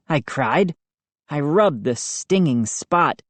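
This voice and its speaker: A woman narrating a children's horror audiobook in an expressive, unhurried reading. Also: rumbling low, no echo. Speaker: audiobook reader.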